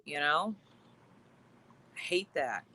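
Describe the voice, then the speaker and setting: A woman co-hosts a live stream, spinning teasing stories with dry humor. Her voice sits on the low side but moves lively up and down. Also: takes it slowly, poor audio. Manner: joking storyteller, dry teasing. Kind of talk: casual live-stream chat.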